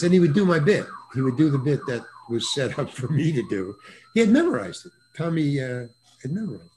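An older man, a guest actor, telling stories in casual chat over a video call, with stammering restarts and animated voices for the people he quotes. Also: medium pitch, moderate pace, a little hiss or hum. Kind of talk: casual anecdotal storytelling.

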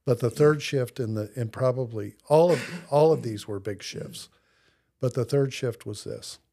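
Male podcast guest, husky and mellow, reflective storyteller. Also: medium pitch. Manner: earnest, reflective storyteller with slow pauses. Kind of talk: personal faith testimony in conversation.

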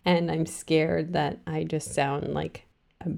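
A woman's voice: sits low, flat delivery, slow pace, vocal fry, a little mellow. A woman co-hosting a podcast in casual chat, explaining her views earnestly and at length. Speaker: podcast co-host.

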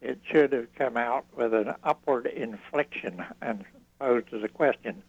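A man's voice: mid-range voice, unhurried, breathy edge. An older man calling into a radio show, talking in a rambling, hesitant, slightly fussy way. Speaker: radio caller. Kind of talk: call-in chat. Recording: dull call-in line.

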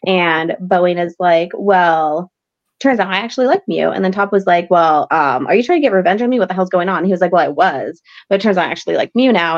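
A woman's voice: on the low side, dull audio. A woman hosting a podcast, recapping an episode in a chatty, rambling way full of fillers. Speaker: podcast host.

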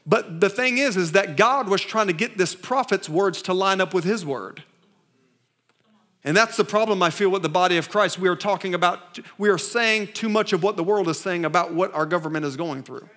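A man's voice: high voice, normal speed, a bit bright. A man preaching a sermon to a church congregation, emphatic and repetitive, often asking the crowd to answer back. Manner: call-and-response with the congregation; emphatic, repeats phrases and restarts. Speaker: pastor. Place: church service.

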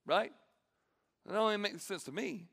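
An animated male preacher jokes with students as he acts out a passage. His fairly high voice carries a long reverb from a large hall. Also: measured pace, vocal fry. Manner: animated and joking, acts out the scripture. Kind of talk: sermon.

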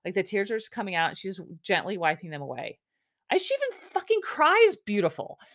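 A woman's voice: mid-range voice, huge pitch swings, a little fast, a bit bright. A woman hosting a podcast, recapping in a rambling, chatty way with lots of restarts and some swearing. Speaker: podcast host. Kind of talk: casual chat recap.

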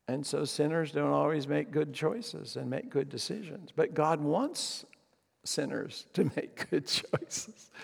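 Gravelly-voiced male pastor preaching. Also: on the high side, darkish tone, in a large hall. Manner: storytelling with frequent ums and restarts. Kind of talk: sermon.

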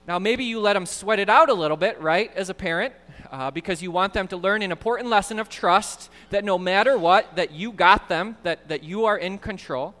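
Male pastor mid-sermon, earnest and lively, recorded in a reverberant hall. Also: high-pitched. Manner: earnest, animated preaching with frequent repeated words.

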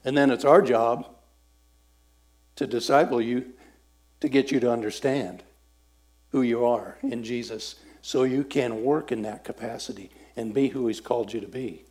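A man preaching a sermon and telling a story, acting out voices and swinging between loud and soft. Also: mid-range voice, moderate pace.

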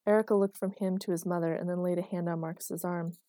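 Woman reading a story aloud, warm mellow voice, dry close mic. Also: on the low side, steady tone, fast, dry recording. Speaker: audiobook narrator. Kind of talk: scripted narration.

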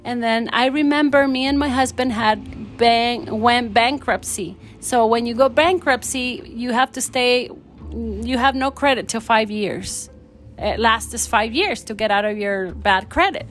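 Woman telling a lively faith testimony. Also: on the high side, measured pace, soft background music. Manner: animated, acts out quoted dialogue. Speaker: testimony speaker. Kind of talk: personal testimony storytelling.

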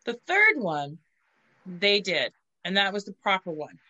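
A woman in casual chat, telling crude, animated stories and acting out what people said. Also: mid-range voice, unhurried, dull audio. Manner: crude, animated storytelling with voiced quotes.

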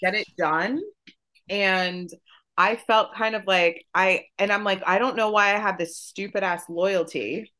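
A woman co-hosting a podcast, telling a story in casual chat, profane and animated. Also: mid-range voice, measured pace. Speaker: podcast co-host.

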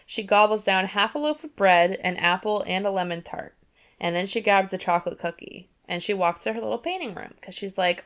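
A woman's voice: on the low side, fairly even intonation, quick pace, fairly bright tone. A woman hosting a book club podcast, chatting casually with giggly asides and reading passages aloud.

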